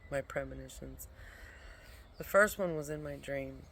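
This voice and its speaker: Worn out from lack of sleep, a vlogger at home with their dog nearby talks casually about spiritual visions, rambling, swearing often, and now and then whispering. The voice is medium-pitched, gravelly, a bit bright, and a little slow, and the home recording is noisy.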